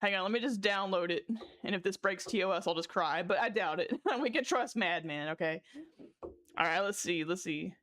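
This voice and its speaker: A woman's voice: on the low side, moderate pace, a bit bright. A young woman streamer chatting casually with her viewers, laughing hard and cursing often. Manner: giddy, laughing fits, cursing. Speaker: livestreamer. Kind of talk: casual livestream chat.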